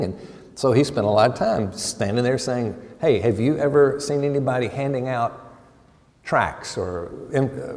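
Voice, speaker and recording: A man preaching a sermon, telling a story in a folksy, animated way and acting out the dialogue. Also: medium pitch, big-room sound. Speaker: guest preacher. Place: church sanctuary.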